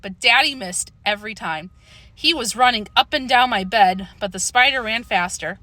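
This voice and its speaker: Expressive female narrator, bright and lively, dry close sound, children's book reading. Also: fairly high pitch, normal speed, no echo. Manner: expressive, storytelling. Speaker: audiobook narrator.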